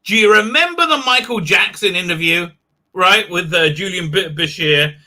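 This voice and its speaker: A man's voice: high voice, lively intonation, normal speed, bright, forceful tone. A man hosting a casual live stream, talking in a rambling, sardonic way with many restarts.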